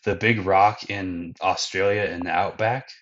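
A man with a deep voice rambles through an episode recap, leaning heavily on fillers as he chats casually. The sound is dull and muffled, with a lo-fi podcast quality. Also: steady tone, a little slow, fairly bright tone. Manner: rambling, filler-heavy storytelling. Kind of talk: casual chat.

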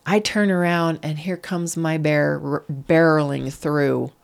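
A middle-aged woman, a podcast guest, telling a painful personal story in an earnest, animated way. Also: sits low, measured pace, vocal fry, smooth. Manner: earnest, animated, acts out quoted voices.

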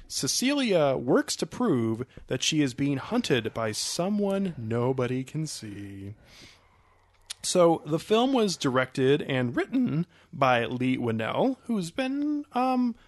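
Joking male podcast host, lively pitch. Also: dry recording, clean studio sound. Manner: chatty, laughs often, loose and joking. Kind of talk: casual podcast chat.

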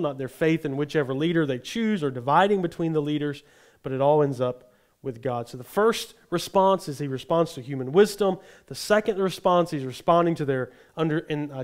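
A pastor delivers a sermon, reading Bible passages to his congregation and then explaining them in plain terms. As he quotes the verses, he acts out their tone, his pitch climbing.

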